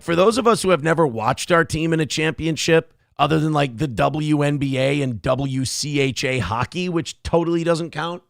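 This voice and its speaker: Profane gravelly man hosting a live show. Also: fairly high pitch, no echo, studio quality. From Minnesota. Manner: profane, ranting. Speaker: show host. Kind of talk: casual live-stream commentary.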